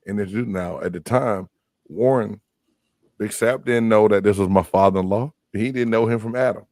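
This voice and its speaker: A man with a fairly low voice co-hosts a sports podcast, talking loose and streetwise, jumping up in pitch when he makes a point. The sound is dry and close, with no room around him. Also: moderate pace, no room sound. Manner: animated, emphatic, streetwise slang. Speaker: podcast co-host, former pro football player. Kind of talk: casual sports podcast talk.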